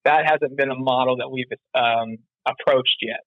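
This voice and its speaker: A man's voice: medium pitch, steady tone, moderate pace, no echo. Rambling man talking business, dry lo-fi sound. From North Carolina. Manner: rambling, lots of fillers and restarts. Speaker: podcast guest. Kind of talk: casual interview chat.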